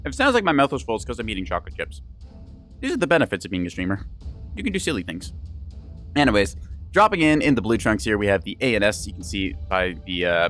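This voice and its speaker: A young man streams himself commentating a game in a relaxed, rambling way, often laughing and teasing. His voice sits fairly low, but his pitch swings widely as he talks. Faint music plays behind him. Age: young adult. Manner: chatty and rambling, with frequent laughs and teasing asides.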